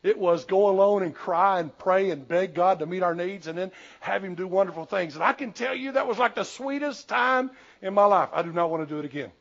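An older male pastor preaches with a high, lifted voice, rising to loud pleas and then dropping low to confide. The sound is a little dull and lo-fi, like an old church tape. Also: fairly even intonation, normal speed. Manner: folksy storytelling, swings from loud urging to soft confiding. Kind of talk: sermon.

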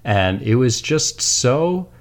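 A man's voice: mid-range voice, very animated, takes it slowly. A man co-hosting a podcast, chatting earnestly and joking often with easy laughter. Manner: earnest and upbeat, jokey, laughs easily. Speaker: podcast co-host. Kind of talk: casual chat.

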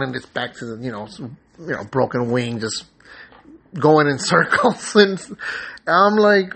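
A man's voice: a little high, moderate pace, vocal fry. Earnest rambling man telling a story. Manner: rambling, earnest, many fillers and restarts; animated when retelling his own thoughts. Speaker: podcast host. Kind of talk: casual spiritual storytelling.

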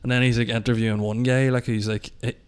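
A man's voice: mid-range voice, flat delivery, clean tone. A young man with a Northern Irish accent, ranting with indignation and swearing in casual podcast chat. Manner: quick, swearing, indignant rants. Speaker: podcast co-host.

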